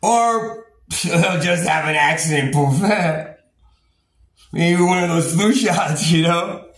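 A man's voice: a little high, slow, fairly bright tone. A man ranting angrily about his own experiences, swearing often, stumbling over repeated words and breaking into bitter laughs. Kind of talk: angry personal rant. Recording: roomy echo, faint background noise.

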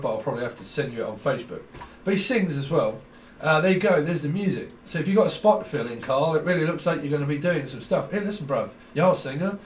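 This tarot reader's voice is fairly high, captured from a distance with a roomy echo and a faint hum of background noise. He rambles through a jokey reading, free-associating and slipping into silly voices.

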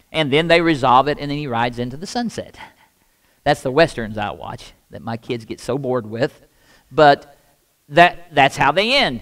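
Older Midwestern male pastor, slightly high voice, sermon delivery that swings from hushed to loud with emphatic repeats. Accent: Midwestern American. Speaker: lead pastor.

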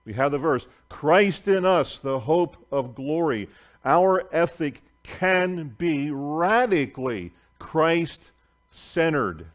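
A man preaching a sermon as pastor, telling a story emphatically and swinging between loud declarations and hushed asides. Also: on the high side, animated, slow. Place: church sanctuary.

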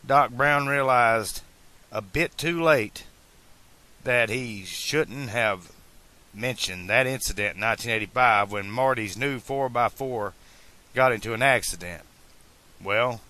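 A man narrating an amateur audiobook at an uneven pace, slowing on some phrases. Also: medium pitch, bright, forceful tone.

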